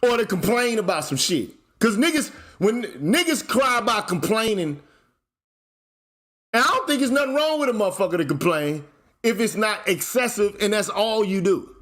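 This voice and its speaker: Male channel host with a high-pitched voice, blunt and profane, firing off rhetorical questions in a casual commentary rant. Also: big pitch swings, moderate pace, a bit bright.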